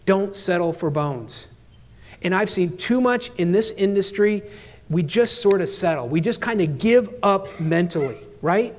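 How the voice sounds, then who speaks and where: A middle-aged man giving an energetic motivational keynote, talking straight at the audience in punchy phrases. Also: high voice, a little slow. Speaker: keynote speaker.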